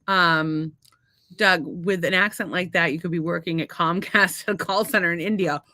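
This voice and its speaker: A woman's voice: on the low side, steady tone, moderate pace, pushed and bright, no room sound. A woman co-hosting a podcast with her husband, bantering brashly and teasing him, often breaking into laughter. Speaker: podcast co-host. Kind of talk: casual married-couple banter.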